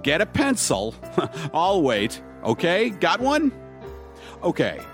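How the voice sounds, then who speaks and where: A man's voice: a little high, wildly swooping pitch, slow, soft background music. A man hosting a show, closing it in a playful, teasing way. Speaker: show host. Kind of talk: show outro.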